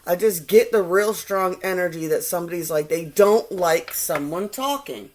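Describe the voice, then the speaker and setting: Lady rambling through a tarot reading, kinda low voice, mocks folks she quotes. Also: normal speed, a little hiss or hum. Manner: animated, quotes people in mocking voices. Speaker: tarot reader. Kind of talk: casual channeled tarot reading.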